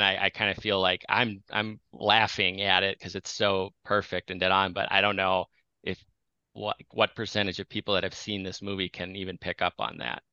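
A Minnesotan man with a low-pitched, bright, clear voice chats about a film on a podcast. He playfully acts out lines he quotes. The audio is dull and lo-fi. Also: dry recording. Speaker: podcast co-host. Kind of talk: casual movie-discussion chat.

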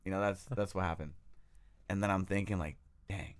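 A young man with a Bay Area accent tells a story in a casual, laid-back way. His voice sits low, and his talk is full of slang and easy laughter. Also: fairly even intonation, a little fast. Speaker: guest, detox technician. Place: podcast studio.

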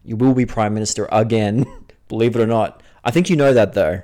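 Aussie guy doing a big booming old statesman ghost, slow and grand, lowish voice. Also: mellow, natural voice. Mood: encouraging.

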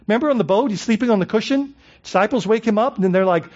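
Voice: mid-range voice, a little fast, a little mellow, muffled recording. A pastor preaching a sermon in a conversational way, asking the congregation rhetorical questions and often adding "I mean" and "right?".

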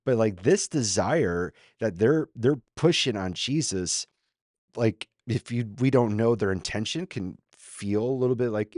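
A man's voice: fairly low pitch, expressive, unhurried, darkish tone, no echo, studio quality. A man from Minnesota preaching a casual sermon, chatty, with lots of fillers and restarts. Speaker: pastor.

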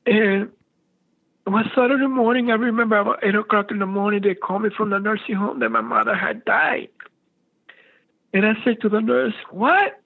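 A man's voice: high-pitched, steady tone, fairly quick, creaky. A man calling in to tell a faith story, speaking fervently in a prayerful way, his voice sometimes breaking with emotion, over a phone line. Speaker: caller sharing a faith testimony. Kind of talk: emotional spoken testimony.

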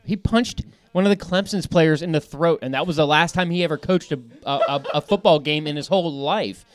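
A man's voice: a little high, a little fast, a little hiss or hum. A man co-hosting a fishing podcast in casual chat, joking, rowdy and swearing freely. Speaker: podcast co-host.

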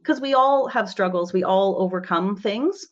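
A woman real estate investor speaking as an interview guest, animated and chatty, filling her talk with "you know" and "right?". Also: mid-range voice, moderate pace, muffled recording.

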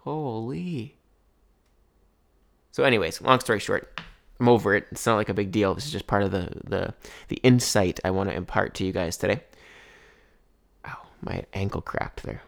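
A young man chats to his viewers in a loose, wandering way, piling on fillers as he tells his story. His voice sits a touch low and carries a gravelly fry. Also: fairly quick. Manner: rambling, filler-heavy, keeps saying "anyways". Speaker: vlogger.

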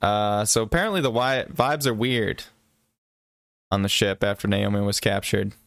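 A man's voice: fairly low pitch, moderate pace, vocal fry, a bit bright, smooth, no echo. A man co-hosting a casual book podcast, teasing his partner with dry jokes. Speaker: podcast co-host.

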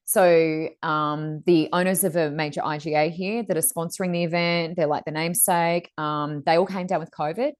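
A woman's voice: low-pitched, steady tone, moderate pace, hardly any pauses. A woman, co-hosting a casual chat and talking in long rambling runs with fillers. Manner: rambling, chatty, many fillers. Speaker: podcast co-host.

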